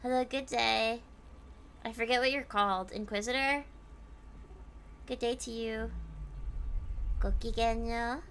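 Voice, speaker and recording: Woman, game streamer, bright and forceful tone, slightly high voice, casual chat with viewers. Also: steady tone, measured pace, long pauses, a little hiss or hum. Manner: chatty, reads viewer comments aloud and answers them. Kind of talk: casual chat while gaming.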